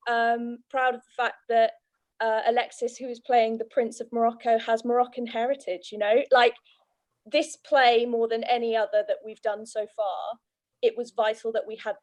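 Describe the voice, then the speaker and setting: A woman's voice: a little high, darkish tone. A woman speaking on a casual video-call panel about casting, earnest and hesitant, with many fillers. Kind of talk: casual post-show panel chat.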